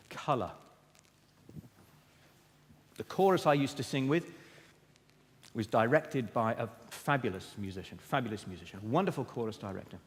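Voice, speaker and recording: A man giving a motivational keynote on stage, emphatic and theatrical, speaking straight to his audience. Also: mid-range voice. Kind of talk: keynote talk. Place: stage in a conference hall. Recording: echoey hall.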